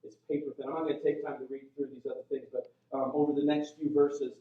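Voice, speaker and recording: A man's voice: mid-range voice, level tone, quick pace, phone-quality sound. A male pastor preaching a sermon in a church sanctuary. He talks in a chatty, conversational way with lots of asides. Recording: very echoey church sound from a distant mic.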